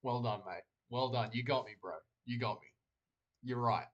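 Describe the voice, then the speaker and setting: Man, mid-pitched, hosts a casual livestream, rambling and joking as he reads chat aloud. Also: moderate pace, highs cut off. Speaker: livestream host.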